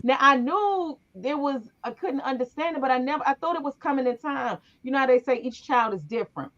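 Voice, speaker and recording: A middle-aged woman hosts a relaxed conversation, telling stories from her own family with lively energy. She acts out the voices of the people in them. Her voice sits a little high and sounds muffled and lo-fi. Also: brisk. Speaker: podcast host. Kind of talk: casual conversation, storytelling. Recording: muffled, lo-fi recording.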